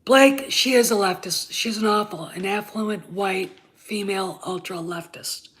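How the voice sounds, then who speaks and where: A woman hosting her own commentary channel, her voice congested and thick as she gets over covid. She talks slowly and bluntly, her opinions heated and laced with profanity. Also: medium pitch, a bit bright. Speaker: channel host.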